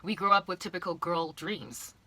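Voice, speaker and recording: A woman's voice: on the low side, fairly even intonation, normal speed, sharp tone. A South African woman in her thirties, rambling playfully through a casual monologue with exaggerated asides. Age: 30s. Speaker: vlogger.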